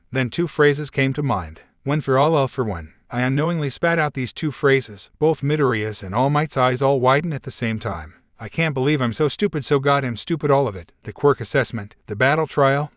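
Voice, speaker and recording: A man reads a first-person fan fiction story aloud in a steady, even voice at a middling pitch. He barely shifts his voice between characters. The mic sits close in a dead, dry space. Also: no echo.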